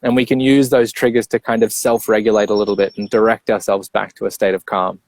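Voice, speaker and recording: A man coaching on breathing, explaining step by step in a clear, teacherly way and checking in with the listener as he goes. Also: lowish voice, little pitch movement, fast, no room sound. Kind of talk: explanatory interview talk.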